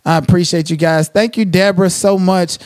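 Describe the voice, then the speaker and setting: A man's voice: high voice, steady tone, a little fast, darkish tone, no room sound, studio quality. A man hosting a livestream, cursing and trash-talking someone in a confrontational rant. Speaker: livestream commentator.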